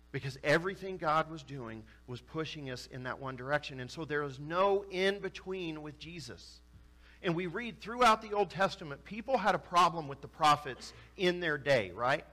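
A man preaching a sermon, retelling scripture stories and acting out the voices of the people in them. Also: a little high. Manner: animated, acts out quoted voices with rising intensity. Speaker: pastor.

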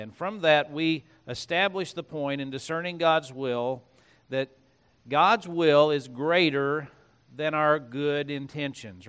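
A man's voice: fairly high pitch, fairly bright tone, clean tone. A man preaching a sermon as pastor, reading scripture aloud and breaking off into conversational asides.

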